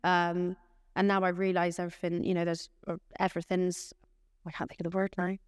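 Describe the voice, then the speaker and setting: A woman's voice: lowish voice, level tone, brisk, clean tone, no echo, studio quality, big-room sound. A woman, a care team manager chatting in an interview and acting out little exchanges. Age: late 20s. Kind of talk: casual interview answers.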